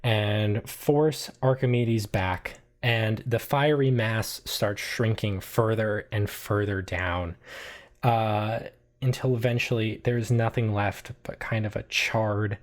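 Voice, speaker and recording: A man's voice: lowish voice, fairly even intonation, slow pace. A man narrating as game master of a tabletop game, laid-back, with lots of fillers and swearing.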